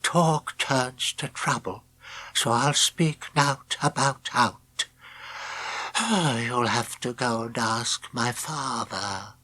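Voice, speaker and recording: A man voicing a very old, kindly painter in a storybook, speaking softly, slowly and a bit absently. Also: mid-range voice. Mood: soft wandering. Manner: soft, slow, wandering speech.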